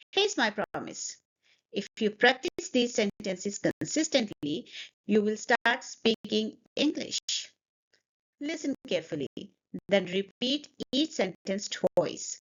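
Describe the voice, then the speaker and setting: A woman's voice: medium pitch, lo-fi sound. A woman teaching spoken English, saying each sentence twice and explaining intonation. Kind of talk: slow, clear pronunciation lesson.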